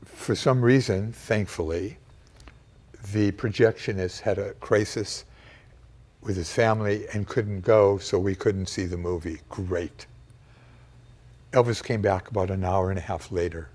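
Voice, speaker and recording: A man recounting a personal memory in an emotional, halting way, pausing and restarting as he goes. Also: sits low, steady tone, a little mellow. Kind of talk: personal storytelling.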